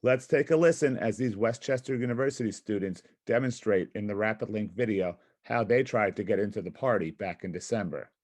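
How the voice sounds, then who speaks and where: A man's voice: on the low side, fairly quick, hardly any pauses, darkish tone. A man presenting a physical education workshop, upbeat and encouraging as he explains a team-building game.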